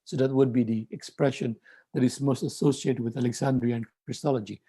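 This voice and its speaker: Man, lecturer, dark voice, husky, measured delivery, frequent repeats. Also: medium pitch, fairly even intonation. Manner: measured, repeats words and restarts often. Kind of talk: recorded theology lecture.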